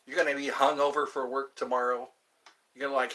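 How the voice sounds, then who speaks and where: A man's voice: medium pitch, flat delivery, fast talker, sharp tone. A man hosting a livestream, chatting in a rambling, amused way that keeps drifting into asides, heard through a computer mic. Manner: meandering, amused, trails off into asides. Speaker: livestream host. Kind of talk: rambling casual chat to viewers.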